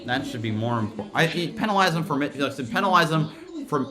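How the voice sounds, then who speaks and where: A man hosting a live stream, chatting casually and thinking out loud as he watches a race. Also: on the high side, lively intonation, fast, crowd noise.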